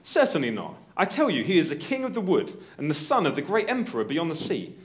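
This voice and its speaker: A man's voice: fairly high pitch, wildly swooping pitch, a little fast, voice pushed up. A man reading as a stern talking beaver. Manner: reading a story aloud at dinner time. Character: stern male talking beaver, firm and proud.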